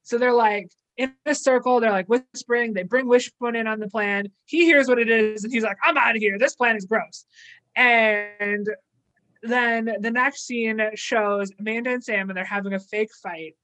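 A woman's voice: a little high, moderate pace, low-quality recording. A woman co-hosting a casual podcast, recapping a TV episode and acting out the characters' lines as she goes. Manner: animated storyteller, acts out quotes. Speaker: podcast co-host.

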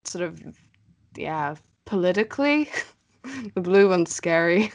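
A woman's voice: fairly low pitch, lively intonation, slow, highs cut off. A woman playing a tabletop game, casual and swearing freely. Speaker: player.

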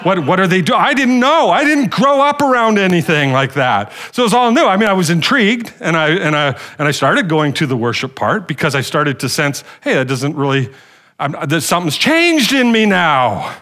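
A man's voice: sits high, brisk, hardly any pauses. A man preaching a sermon, rallying the congregation with questions and calls for amen, often restarting and repeating phrases. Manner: animated preaching with call-and-response to the congregation. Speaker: pastor.

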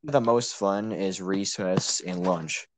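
A teenage boy in middle school, chatting on a podcast and cracking goofy deadpan jokes. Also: deep voice, takes it slowly. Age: teens. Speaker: podcast co-host. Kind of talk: casual chat.

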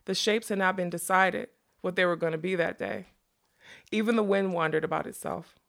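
Gravelly-voiced woman narrating a fantasy novel. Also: on the low side. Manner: measured, expressive storytelling. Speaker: audiobook narrator.

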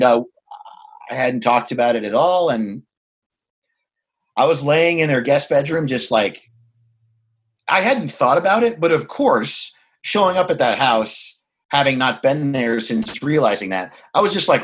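A man telling a personal story in a frank, reflective way, swearing freely and pausing to find his words. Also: medium pitch, fairly bright tone. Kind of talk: candid conversational storytelling.

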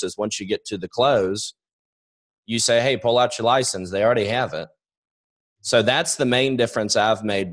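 A young man coaching his sales team over a webinar, with a voice that sits a little low. He gets his points across directly, says them more than once, and plays out both ends of a phone call himself. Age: young adult. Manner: direct, repeats points, acts out phone calls.

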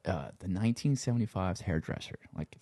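A man's voice: low voice, lively intonation, brisk, dark tone, no room sound, studio quality. A man from Louisiana with a Cajun accent, chatting casually as a guest and peppering his talk with swearing and "you know". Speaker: guest, sound engineer and musician. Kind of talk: casual interview chat.

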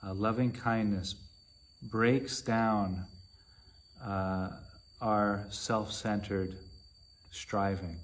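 A man teaching meditation in a measured, unhurried dharma talk with long pauses between phrases. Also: lowish voice, fairly even intonation.

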